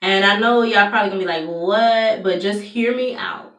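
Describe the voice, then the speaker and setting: A young adult woman, soft-spoken and confiding as she tells a personal story to the camera, with many fillers. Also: medium pitch, fast. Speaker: vlogger. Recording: echoey room, far from mic.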